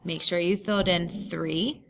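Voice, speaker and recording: A woman's voice: lowish voice, fairly even intonation, measured pace, vocal fry. A woman teacher talking through a recorded grammar lesson, patient and explaining step by step.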